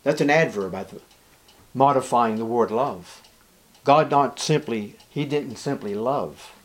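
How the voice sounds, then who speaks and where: A man preaching as pastor, emphatic, rising loud on key words and dropping low and soft. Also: unhurried. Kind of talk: sermon.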